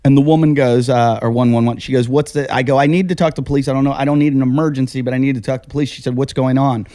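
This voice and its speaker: A man hosting a casual podcast, telling a long comic story and acting out his own yelling. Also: medium pitch, steady tone, fast, dry recording, clean studio sound. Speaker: podcast host. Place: house.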